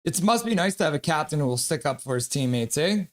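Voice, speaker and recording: A tired man streaming live hockey play-by-play, calling the action in quick running commentary and reading chat aloud between plays. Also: fairly high pitch, animated.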